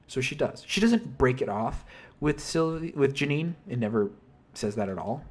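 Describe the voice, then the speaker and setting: A man's voice: medium pitch, lively intonation, moderate pace. A man casually explaining an album's story in a rambling, self-interrupting way, with mild slang. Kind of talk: casual commentary.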